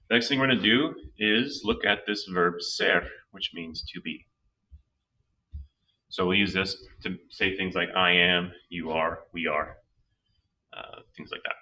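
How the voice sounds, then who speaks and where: Male teacher, very low and sharp-edged voice, patient step-by-step explainer, recorded a little off-mic. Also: fairly even intonation, normal speed, recorded from a distance, rough recording. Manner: patient, walks through reasoning step by step. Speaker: Spanish teacher. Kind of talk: slow explanatory lesson.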